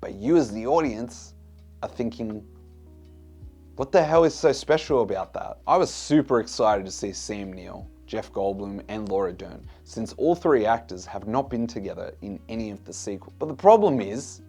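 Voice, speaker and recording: A man's voice: medium pitch, slightly rough. A man giving a casual film review in a blunt, exasperated way, swearing freely.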